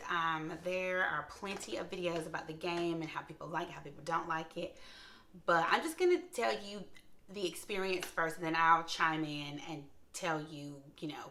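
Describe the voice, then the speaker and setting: Bright-voiced chatty woman vlogger. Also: on the low side. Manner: chatty, animated, acts out quiet store voices. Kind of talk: casual haul vlog storytelling.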